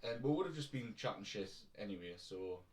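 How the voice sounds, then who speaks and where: Chatting casually at home, a North East England man with a Newcastle-to-Durham accent co-hosts a podcast, cracking jokes and laughing a lot. His pitch sits on the low side and his pace is brisk. A shared microphone some distance off picks him up in an echoey room.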